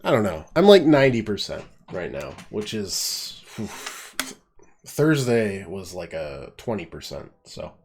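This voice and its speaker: A man's voice: low-pitched, very animated, measured pace, darkish tone, slightly rough. A man with a stuffy nose giving casual, wry let's-play commentary, thinking aloud as he plays. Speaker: game streamer.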